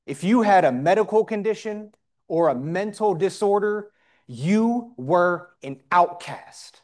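A man preaching a sermon in short measured phrases, pausing for his interpreter. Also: sits high, expressive, a little mellow.

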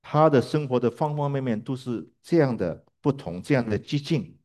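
A man's voice: medium pitch, expressive, moderate pace, darkish tone. A man interpreting a sermon live, hesitating with fillers and restarts.

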